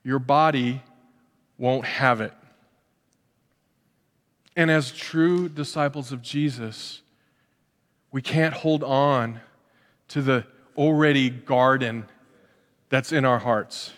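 A middle-aged man preaching a sermon as a pastor, animated, acting out little voices and asides. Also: medium pitch, slow pace, pauses often. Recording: long hall reverb.

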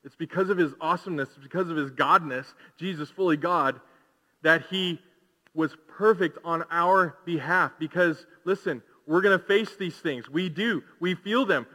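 A man preaching a sermon as pastor, swinging from hushed, slow passages to loud, fervent calls to the congregation. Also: a little high. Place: large church hall. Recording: long hall reverb.

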